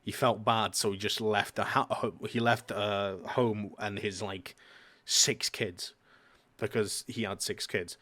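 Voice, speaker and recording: A man's voice: fairly low pitch, steady tone, takes it slowly, bright, forceful tone. A man streamer in casual chat, rambling with lots of fillers and casual swearing.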